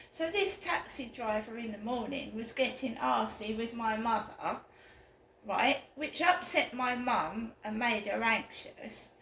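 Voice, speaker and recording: Rambling, indignant woman, bright tone. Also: high voice, vocal fry. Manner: rambling, indignant, gets worked up. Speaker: vlogger. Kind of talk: casual storytelling to camera. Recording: roomy echo, faint room noise.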